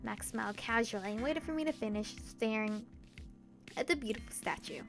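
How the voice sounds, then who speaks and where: A young woman streamer narrates a visual novel, dropping into chatty little asides about herself. Her voice sits on the higher side, with faint game music underneath. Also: brisk. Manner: chatty, self-deprecating asides. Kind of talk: reading a visual novel aloud with casual asides.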